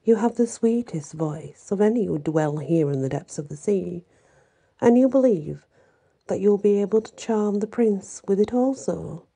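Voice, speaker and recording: A woman's voice: mid-range voice, lively intonation, normal speed, creaky, warm tone, breathy edge, voice pushed up. A woman voicing a scheming old sea witch, menacing and partly whispered.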